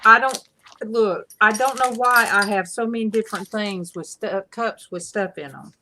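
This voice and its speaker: A woman's voice: mid-range voice, normal speed, background noise. A woman hosting a casual online panel chat, telling rambling stories with frequent laughter over a video call.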